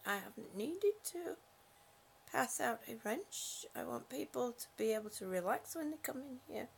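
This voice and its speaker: A woman chats casually on a livestream from her home, reading out viewer comments and calling people honey. Her voice sits high, with a gravelly fry running through it. She talks through a phone or webcam mic. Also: slight background noise. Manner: chatty and affectionate, frequent fillers. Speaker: livestream host.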